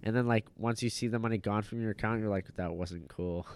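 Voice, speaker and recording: A man's voice: on the low side, flat delivery, fast talker, clean tone, no room sound. A young man in casual chat, drunk and rambling, swearing casually.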